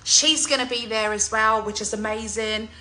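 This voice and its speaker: A woman, chatting excitedly in a salon vlog, loud, laughing and swearing freely. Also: a little high, normal speed, poor audio. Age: 40s. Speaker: singer.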